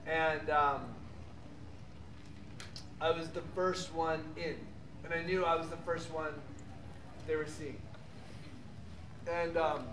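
A high-voiced, middle-aged man tells animated stories on a convention panel, laughing easily and rambling with fillers. His voice is picked up from a distance and bounces around a big, echoing hall. A steady noise runs underneath it.

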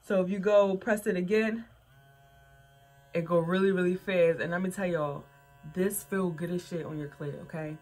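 A woman's voice: lowish voice, steady tone, normal speed, darkish tone. A young woman, chatting frankly to camera as a vlogger and calling her viewers y'all. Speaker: vlogger reviewing adult toys. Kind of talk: casual chat to camera.

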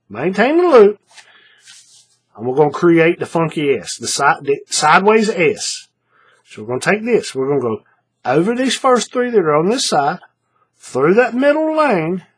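Husky-voiced man walking through a craft step by step. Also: a little high. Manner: chatty, repeats steps, checks in with "right?". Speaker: paracord craft instructor. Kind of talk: hands-on tutorial explanation.

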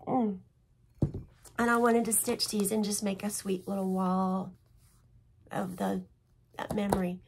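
A woman's voice: mid-range voice, level tone, measured pace, long pauses, background noise. A woman hosting her own stitching vlog, talking in a chatty, rambling and emotional way as she shows her projects at home. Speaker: flosstube host. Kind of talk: casual show-and-tell chat.

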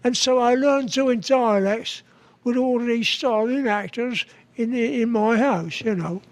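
An older man as a guest, telling anecdotes in a halting way with frequent restarts and chuckles. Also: very high voice. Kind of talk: anecdotal interview chat.

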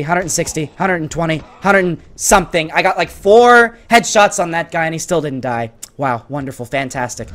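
A man with a hoarse voice giving exasperated, sarcastic, excitable commentary over his own gameplay. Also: fairly high pitch. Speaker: gaming channel host.

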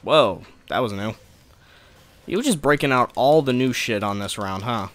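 A man's voice: mid-range voice, lively intonation, normal speed, fairly bright tone, no echo. A man giving profane, sarcastic gameplay commentary, ranting at a boss fight. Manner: profane, ranting frustration at the game. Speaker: let's play gamer.

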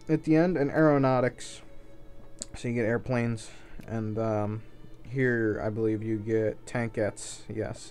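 A let's play host gives casual gameplay commentary, thinking aloud offhandedly and swearing now and then. His voice is medium-pitched and warm.

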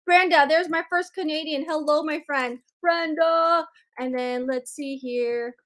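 A woman's voice: sits high, measured pace, a bit bright. A woman hosting a live sales stream, greeting viewers by name in a bubbly, chatty way.

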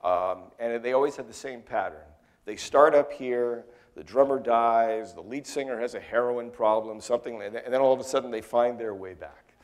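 A middle-aged American man giving a talk, telling lively anecdotes in a chatty way with plenty of fillers. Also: mid-range voice, moderate pace.

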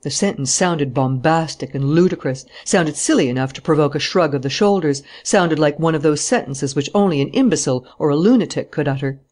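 An audiobook narrator with a middle-pitched voice, reading a classic novel in a steady, measured way. Heated lines come out louder and a little higher, while the narration stays even. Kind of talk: scripted narration.

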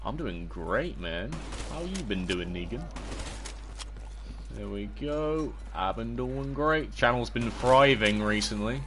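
Excitable young British man streaming games. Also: lowish voice, a little hiss or hum. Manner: excitable, yelps and shouts at the game, chats to viewers. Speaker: livestreamer. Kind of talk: casual gaming livestream commentary.

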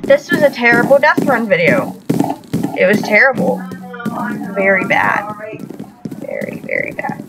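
A woman's voice: medium pitch, wildly swooping pitch, measured pace, pauses often, over loud music, low-quality recording. A young woman hosting a gaming channel, giving live gameplay commentary, often frustrated, swearing, and laughing at herself.

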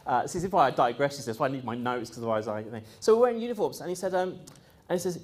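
A man with a highish voice talks very fast, barely pausing, as he casually tells stories about things that happened to him. He rambles, restarts, and fills gaps with ums and uhs, lively throughout, and puts on other people's voices when quoting them.

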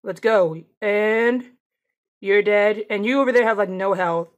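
Gameplay streamer, woman, chatty and excitable, taunts enemies while she plays. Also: mid-range voice, unhurried. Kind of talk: casual gameplay commentary.

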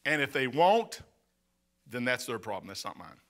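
A man's voice: mid-range voice, sing-song, moderate pace, fairly bright tone. A man with a Midwestern American accent, preaching a sermon as pastor in a folksy, emphatic way full of rhetorical questions.

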